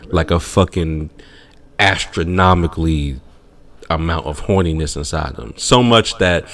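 A man co-hosting a podcast, telling a comedic story in casual chat and acting out other people's voices. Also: unhurried. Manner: animated, acts out voices in shrieking high tones. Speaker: podcast co-host.

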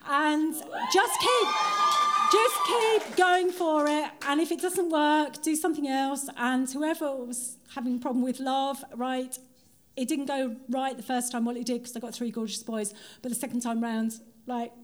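A woman's voice: high voice, level tone, moderate pace, darkish tone, some chatter behind. A woman in her fifties speaking at an open mic, giggly and enthusiastic. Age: 50s. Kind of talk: excited open mic talk.

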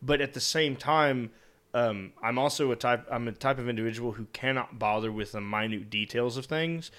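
A man's voice: medium pitch, normal speed. A young man co-hosting a podcast, chatting casually and ranting with lots of swearing. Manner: profane, animated rants. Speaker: podcast co-host. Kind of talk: casual chat.

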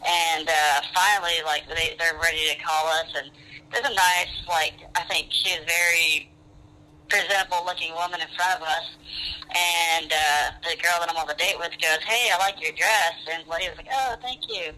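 Over a phone line, a man calls in to a radio show and rambles through a casual story full of "I was like" and "uh." His fairly high, sharp voice stays fairly even in intonation at normal speed.

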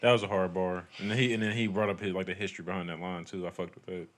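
A man's voice: deep voice, little pitch movement, rapid-fire. A man co-hosting a casual podcast, laughing easily and swearing freely as he talks. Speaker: podcast co-host. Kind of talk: casual chat.

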